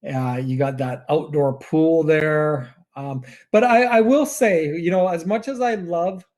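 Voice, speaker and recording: A man co-hosting a casual podcast as a mortgage broker, talking in a rambling, relaxed way. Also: a little high, measured pace. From Canada. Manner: rambling, many fillers and restarts, relaxed.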